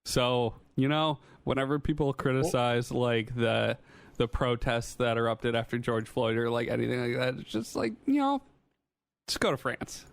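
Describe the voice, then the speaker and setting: A man's voice: mid-range voice, little pitch movement, normal speed, creaky, clean tone, dry recording. Brief: man from Wisconsin, mid-range voice, dry close mic, wry sarcastic co-host. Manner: dry sarcastic asides, swearing. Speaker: podcast co-host. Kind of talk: casual podcast chat.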